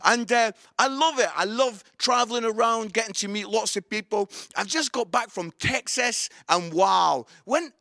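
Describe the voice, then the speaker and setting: A middle-aged man with a Scottish accent, telling jokes and stories in an animated comic Easter talk before reading from the Bible at home. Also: high voice, no room sound, studio quality. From Scotland. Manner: animated storytelling with jokes and voices. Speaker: Christian comedian and preacher.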